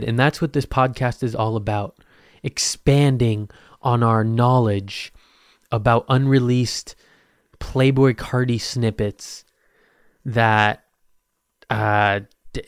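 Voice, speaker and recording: A man's voice: mid-range voice, clean tone, dry recording, clean studio sound. Rambling, jokey young man podcasting solo. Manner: rambling, jokey, self-mocking, with sudden loud bursts. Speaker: podcast host.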